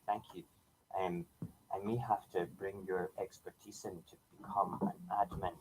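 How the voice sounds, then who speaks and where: Chatty low-voiced male morning host. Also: slight background noise, rough recording. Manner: chatty and rambling, full of fillers. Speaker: host of a morning livestream show. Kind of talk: casual morning chat.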